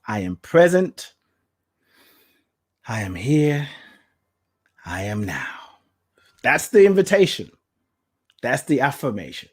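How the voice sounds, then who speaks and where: A man hosting his own podcast, speaking in an affirming, animated way, laughing often and dropping into soft asides. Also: medium pitch. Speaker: podcast host. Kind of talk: solo podcast monologue.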